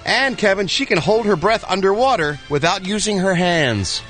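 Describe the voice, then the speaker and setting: A man's voice: sits high, lively intonation, moderate pace, fairly bright tone, soft background music. A man reading entertainment news on a morning radio show in a studio, playful and hammy. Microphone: studio microphone.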